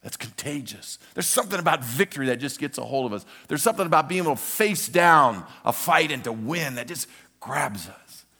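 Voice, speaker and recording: Gravelly bright-voiced preacher guy, acts out the story, booming hall. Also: a little fast. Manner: animated, acts out scenes with shouts and hummed theme. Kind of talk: sermon storytelling.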